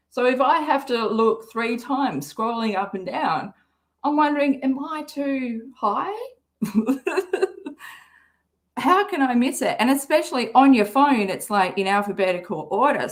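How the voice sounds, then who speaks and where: Aussie woman rambling on a live stream, slow and kinda high, swears a lot, bit hoarse. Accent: Australian. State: slightly hoarse, throat irritated. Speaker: livestream host. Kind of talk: casual livestream chat.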